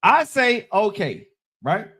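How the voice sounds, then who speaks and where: A high-voiced man in his thirties spins a profane story with wide, swooping pitch. He talks in a casual, dramatic way and keeps asking "right?" between beats. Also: slow pace, breathy edge. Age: 30s. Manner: animated, dramatic, repeats "right?". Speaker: storyteller on a live-streamed talk show.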